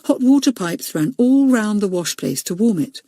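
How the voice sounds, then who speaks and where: A woman narrating a children's audiobook, expressive and voicing each character. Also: medium pitch, normal speed, no echo, studio quality. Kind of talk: storybook narration.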